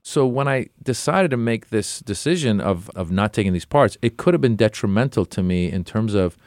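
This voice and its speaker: Lively middle-aged man telling stories. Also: lowish voice, normal speed, dry recording, studio quality. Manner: lively anecdotes, acting out other people's lines. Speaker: guest, comedian and actor. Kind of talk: casual conversational storytelling.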